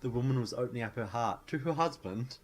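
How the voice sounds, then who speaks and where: A man speaking quickly at a medium pitch co-hosts a joking, casual podcast chat. He rants about reality TV and performs quotes in mocking voices.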